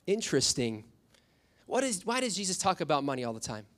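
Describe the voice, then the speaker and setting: A man's voice: on the high side, a little fast. A young adult man preaching a sermon as a youth pastor, telling stories with acted-out quotes. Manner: storytelling, animated with acted quotes.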